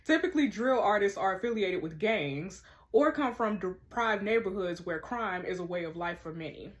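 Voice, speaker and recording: A brisk young woman analyst explains things in a matter-of-fact way, read out by a woman. The pitch is an everyday middle. The lines are read straight off a screen. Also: animated, close to an everyday voice. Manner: read aloud plainly, explanatory.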